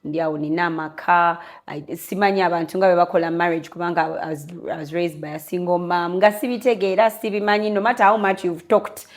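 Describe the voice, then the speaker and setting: A young Ugandan woman, an interview guest, telling a candid personal story in an earnest, lively way. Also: fairly low pitch, fast, hardly any pauses. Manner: switches between English and Luganda, lively and earnest.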